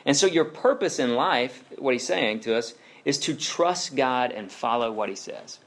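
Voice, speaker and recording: A man in his thirties delivers a sermon in a loose, conversational way, leaning on asides and questions to the room. His pitch sits in an ordinary middle range for a man. He slips easily into retelling and storytelling as he preaches. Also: animated, normal speed. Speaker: pastor.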